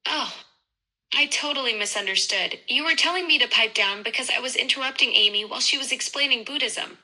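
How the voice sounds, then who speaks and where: A woman's voice: sits high, a little fast, sharp tone, low-quality recording. A synthetic woman's voice of a chatty voice assistant, upbeat and effusive in her replies.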